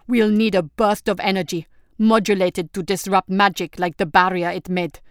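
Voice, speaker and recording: A woman voicing a male prince who shouts orders to his soldiers in battle. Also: mid-range voice, steady tone, normal speed, smooth, no room sound, clean studio sound, natural voice. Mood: urgent.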